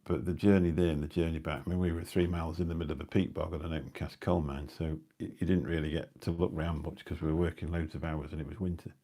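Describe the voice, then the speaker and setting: Brief: middle-aged male live-streamer, deep husky voice, rambling anecdotes. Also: little pitch movement, quick pace, few pauses, warm tone. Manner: rambling anecdotal storytelling with dry asides. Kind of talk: casual rambling chat. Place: indoors at home. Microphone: new phone or mic on a live stream.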